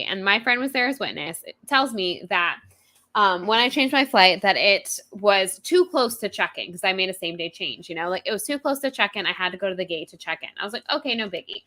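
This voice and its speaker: A woman co-host tells a story in a casual podcast chat. Her voice is bright and forceful, and she is animated and profane, often joking at her own expense. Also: mid-range voice, a little fast.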